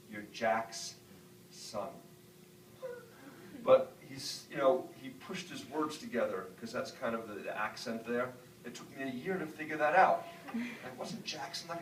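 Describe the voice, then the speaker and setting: A man's voice: mid-range voice, distant mic, a little hiss or hum. A middle-aged man from the northern United States speaking as an author to students, telling reflective stories with frequent "um" fillers. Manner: reflective storyteller, many "um" fillers. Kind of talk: lecture talk with audience Q&A. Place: university lecture hall. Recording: echoey hall picked up from afar.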